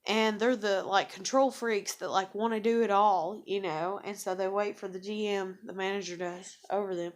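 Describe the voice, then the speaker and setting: A woman's voice: medium pitch, fairly even intonation, normal speed, few pauses. A young woman vents straight to the camera, cursing freely and circling back on herself. Her talk is loose and sarcastic, packed with "like" and "you know", and she pokes fun at herself as she goes. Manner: profane, rambling, heavy with "like" and "you know"; sarcastic, self-mocking. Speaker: vlogger. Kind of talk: casual venting monologue.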